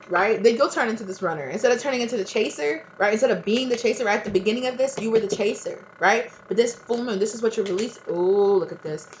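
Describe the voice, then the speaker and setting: A woman's voice: on the high side, fairly quick, slight background noise, low-quality recording. Blunt, swearing tarot reader woman. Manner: blunt, emphatic, swears freely; talks straight to the viewer, often adds "right?". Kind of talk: casual spiritual advice monologue.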